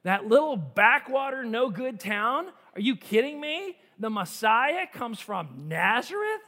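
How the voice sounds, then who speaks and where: A man preaching voices a skeptical friend who reacts loudly and in disbelief. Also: very high voice, big pitch swings, unhurried, in a large hall, heavily acted. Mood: incredulous. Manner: incredulous, loud.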